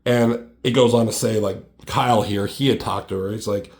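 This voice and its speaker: A man's voice: on the low side, steady tone, brisk, few pauses. Casual man walking through his own comic. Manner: loose, many fillers like "like" and "um". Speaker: comic creator reviewing his own book. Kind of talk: casual chat.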